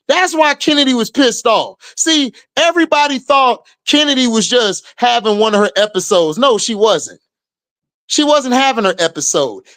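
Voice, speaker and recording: A man's voice: very high-pitched, fairly bright tone. A man hosting a livestream, casually commenting and reacting to chat, drawling and laughing often in slangy talk. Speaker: livestream host.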